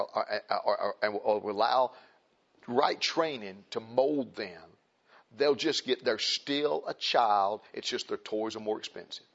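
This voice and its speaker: Emphatic man preaching, dull lo-fi sound. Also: gravelly. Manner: emphatic, repeats phrases, swings from loud high emphasis to quiet low asides. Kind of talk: conversational sermon. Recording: dull lo-fi recording.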